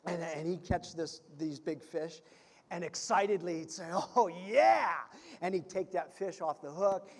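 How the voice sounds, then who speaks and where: A man preaching a sermon as pastor, telling stories and swinging from loud to hushed. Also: on the high side. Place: church sanctuary. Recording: reverberant church hall.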